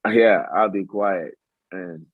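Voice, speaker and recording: A man's voice: sits low, takes it slowly, breathy edge, dry recording. A man chatting on a video call, laid-back and rambling, often repeating himself. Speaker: guest on a call. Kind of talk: casual chat on a video call. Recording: dull, lo-fi call audio.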